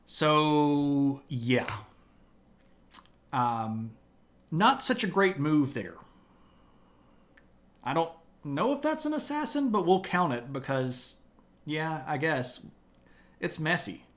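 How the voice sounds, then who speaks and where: A man's voice: a little high, lively intonation, slow, long pauses, fairly bright tone. A man telling history in a loose, conversational way with wry asides, streaming live from a home setup. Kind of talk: casual history storytelling.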